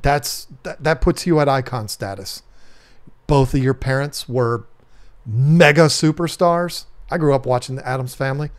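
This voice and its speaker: A man hosting a casual live stream, rambling and joking while he reads out viewer comments. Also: mid-range voice. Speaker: livestream host.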